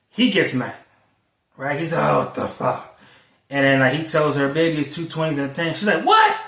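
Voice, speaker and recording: Rambling, cursing delivery driver, echoey. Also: male voice, medium pitch, a bit bright, distant mic. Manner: rambling, profane, conversational. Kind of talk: casual storytelling vlog. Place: Florida. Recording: echoey, from away from the mic.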